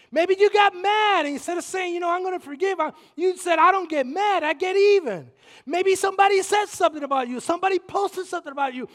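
A male pastor preaching a sermon, swinging from loud exclamations to hushed asides. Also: very high-pitched. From Spanish-speaking background. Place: church sanctuary. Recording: long reverb of a large hall.

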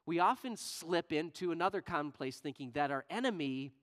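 A male pastor preaching a sermon in church, shifting from loud, emphatic questions to quiet, low asides. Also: animated, a little fast. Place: church sanctuary.

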